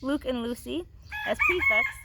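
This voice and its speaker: A woman reading as a brisk schoolteacher. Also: high voice, huge pitch swings, very noisy, voice pushed up, full character voice. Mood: firm. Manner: firm, instructing. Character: brisk adult woman teacher giving orders.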